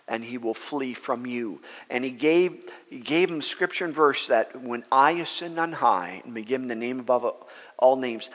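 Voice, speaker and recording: A man, a pastor, preaching a sermon as a story, acting out the people in it with lively, rising voices. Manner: animated, acts out quoted voices with rising pitch. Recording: long reverb of a church hall.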